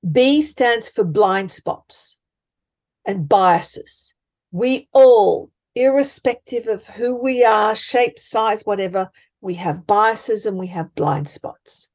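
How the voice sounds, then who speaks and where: A woman life coach, speaking emphatically and deliberately as a podcast guest. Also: medium pitch, lively intonation, darkish tone. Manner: emphatic, deliberate, acts out example thoughts. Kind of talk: conversational coaching talk.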